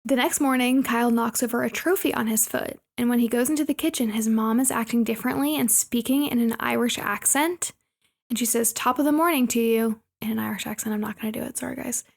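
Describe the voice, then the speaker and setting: A woman co-hosting a movie podcast, running through the plot in casual chat. Her voice sits a little high and carries a gravelly fry. She keeps the recap brisk and drops in playful asides. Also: fairly even intonation. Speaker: podcast co-host.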